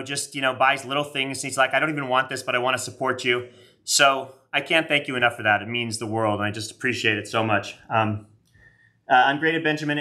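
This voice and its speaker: A man's voice: medium pitch, bright, forceful tone. A middle-aged man rambling on a casual live stream, joking at his own expense and chatting with viewers, a little out of breath. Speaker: card collector streaming live.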